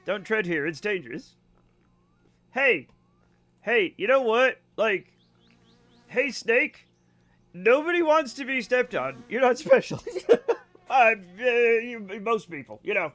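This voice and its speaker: A man's voice: very high voice, lively intonation, takes it slowly, long pauses, fairly bright tone. A man livestreaming a game and telling rambling stories in a casual chat, often laughing and correcting himself. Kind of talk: casual storytelling while gaming.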